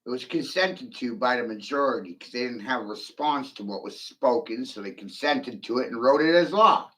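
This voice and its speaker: A man's voice: mid-range voice, animated, normal speed, a bit bright. A man giving an angry, profane monologue, swearing often and taunting his silent listeners.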